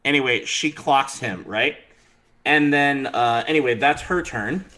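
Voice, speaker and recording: A man narrating as dungeon master of a tabletop game, animated and throwing in character voices. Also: mid-range voice, unhurried, rough recording.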